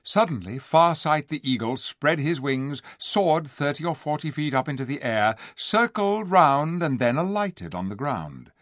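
Expressive male audiobook narrator. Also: a little high, measured pace, few pauses, no room sound, studio quality. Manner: expressive storytelling. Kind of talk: scripted narration.

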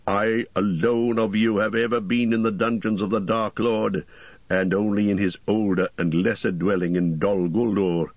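A man voicing a grave, commanding old wizard in a slow, solemn, measured way. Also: fairly low pitch, steady tone, no echo, lo-fi sound.

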